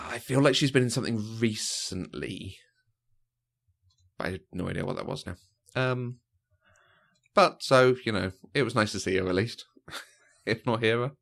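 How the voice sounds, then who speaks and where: A man co-hosting a film podcast in casual chat, animated and fond of acting out lines. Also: lowish voice, a little slow, vocal fry, long pauses. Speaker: podcast co-host. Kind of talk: casual chat about films.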